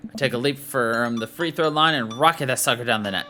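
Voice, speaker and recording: A man reads a dating-sim game aloud as its dad character and drops in playful, jokey asides. His voice is bright and forward. Faint game music plays underneath. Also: mid-range voice, brisk, few pauses. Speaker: gaming YouTuber.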